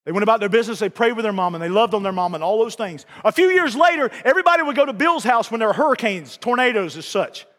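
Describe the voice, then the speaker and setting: A male pastor preaching a folksy sermon, repeating lines and building to shouts. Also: sits high, lively intonation, fast, hardly any pauses. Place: church sanctuary. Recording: reverberant church hall.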